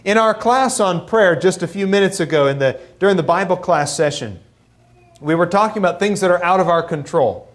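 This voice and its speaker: A man preaching a sermon in a church, animated and acting out the voices he quotes. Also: fairly quick. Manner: animated, acts out quoted voices with rising pitch. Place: church sanctuary.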